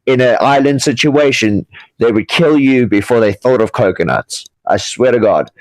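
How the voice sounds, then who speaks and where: A man's voice: medium pitch, expressive, normal speed, no room sound, rough recording. A man talking bluntly and emphatically in casual chat with friends.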